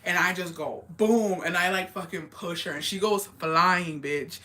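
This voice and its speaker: A young woman telling a story in casual chat, swearing constantly and talking in an animated way. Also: lowish voice, a little fast. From rural area.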